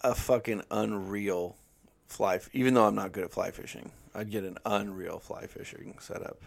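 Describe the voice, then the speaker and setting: A man's voice: fairly low pitch, steady tone, moderate pace, vocal fry. A young man co-hosting a podcast, telling loose, profane stories in casual chat. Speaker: podcast co-host.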